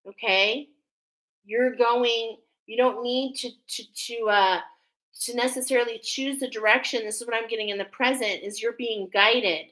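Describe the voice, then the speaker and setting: Bright-voiced woman giving an oracle reading. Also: on the high side, steady tone, moderate pace, poor audio. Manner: rambling, checks in with frequent "okay?"; earnest, encouraging to the viewer. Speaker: oracle card reader. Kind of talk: intuitive card reading.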